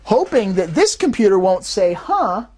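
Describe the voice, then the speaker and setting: A woman who designs fraud detection systems explains in an animated way and acts out quoted voices as she goes. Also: mid-range voice, moderate pace. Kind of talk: explanatory talk.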